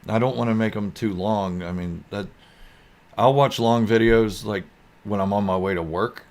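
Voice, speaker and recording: Low-voiced man chatting on a live stream. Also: fairly even intonation, normal speed. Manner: goofy, easygoing and rambling. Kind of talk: casual live-stream chat reading viewer comments.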